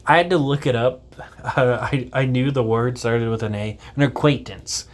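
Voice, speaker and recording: A man's voice: medium pitch, normal speed. A man giving a casual spoken film review, rambling and offhand with plenty of ums and casual swearing. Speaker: movie reviewer.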